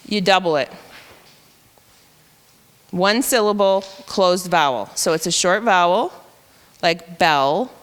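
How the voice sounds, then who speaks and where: A woman's voice: medium pitch, a bit bright, clear, resonant tone, long reverb tail. A woman teacher patiently explaining reading rules to educators, step by step.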